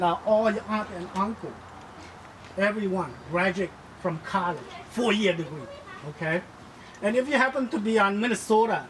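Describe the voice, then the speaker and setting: A man's voice: high voice, poor audio. Earnest older man with a Hmong accent. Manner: earnest, halting, repeats and restarts phrases. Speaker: family elder giving a speech. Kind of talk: informal speech at a family reunion. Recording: clear background noise.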